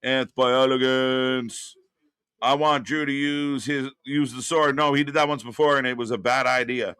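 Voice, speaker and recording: A man hosting a live wrestling watch-along, giving relaxed shout-outs to the chat. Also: medium pitch, normal speed, clean tone, no echo, clean studio sound.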